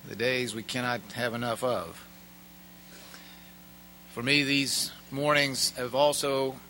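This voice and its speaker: A man giving a formal speech at a prayer breakfast, speaking in a measured and emphatic way with pauses. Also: medium pitch, sharp tone, a little hiss or hum, low-quality recording. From United States.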